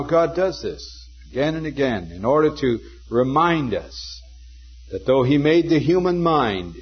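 An older man preaching a sermon, telling stories earnestly and slowing down to quote scripture. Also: medium pitch, slightly rough. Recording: dull lo-fi sermon recording.

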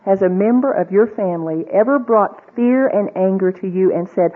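A woman's voice: mid-range voice, moderate pace, hardly any pauses, husky. A woman giving a conversational Bible teaching to a women's group, asking the audience questions and acting out the voices she quotes. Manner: acts out quoted voices, with fillers and restarts. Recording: tinny, phone-like old recording.

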